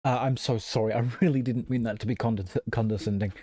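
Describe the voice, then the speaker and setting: A man's voice: medium pitch, fairly even intonation, fairly quick, warm tone, dry recording. Apologetic man rambling on a live stream. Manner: rambling, thinks aloud, reads and answers chat; apologetic, self-conscious. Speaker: live streamer building Linux. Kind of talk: casual live-stream chat while working.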